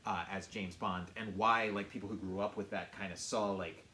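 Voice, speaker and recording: A man's voice: low-pitched, steady tone, moderate pace, bright, forceful tone. Rambling male podcast co-host, roomy sound. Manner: rambling, lots of "like" and restarts. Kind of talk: casual chat. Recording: roomy with faint noise.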